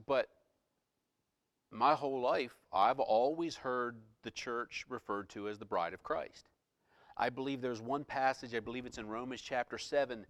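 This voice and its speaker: A man preaching a sermon as pastor, moving between soft, hushed scripture reading and loud, impassioned preaching. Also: mid-range voice, dry recording.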